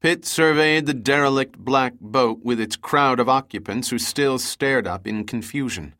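Brief: male audiobook narrator, steady and even, middle pitch. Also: measured pace, dry recording, clean studio sound.

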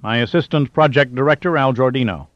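A commanding older admiral, brisk and sure of himself, voiced by a male narrator. He speaks with firm authority. The sound is muffled and dry. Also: mid-range voice, no room sound, close to an everyday voice. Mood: assured. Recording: dull dry lo-fi audio.

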